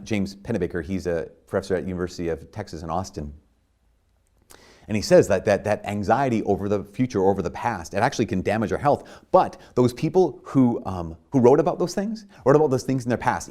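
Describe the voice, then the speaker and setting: A priest with a lowish, slightly mellow voice delivers a sermon conversationally, full of restarts and "like," at times rising into emphatic bursts.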